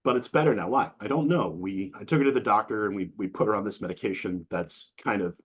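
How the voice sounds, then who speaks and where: This middle-aged guest from New England talks fast in a lowish, husky voice with a slight breathiness. He tells lively stories during a relaxed interview, voicing the quotes himself and using casual slang. The audio has a dull, lo-fi quality.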